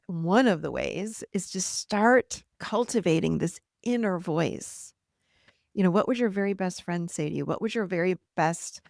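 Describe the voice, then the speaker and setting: A middle-aged woman hosting a podcast alone, talking casually and encouragingly, and she breaks into lively quoted voices. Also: lowish voice, creaky, dry recording, studio quality. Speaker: podcast host and therapist. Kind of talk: casual solo podcast talk.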